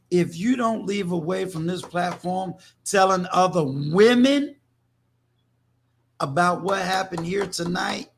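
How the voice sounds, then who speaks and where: Slow, high-voiced older man from New York. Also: gravelly, fairly bright tone, husky. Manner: emphatic, preachy, repeats words. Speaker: livestream host. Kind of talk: casual livestream talk.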